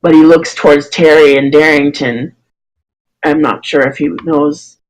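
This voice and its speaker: A woman's voice: deep voice, flat delivery, unhurried, rough recording. Hesitant woman narrating as dungeon master. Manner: hesitant, many fillers and restarts while describing. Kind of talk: narrating a tabletop game.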